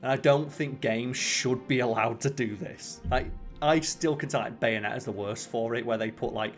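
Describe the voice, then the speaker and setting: A man's voice: mid-range voice, normal speed, soft background music. Rambling, swearing let's play host man. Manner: chatty, rambling, swears freely. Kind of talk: casual gaming chat.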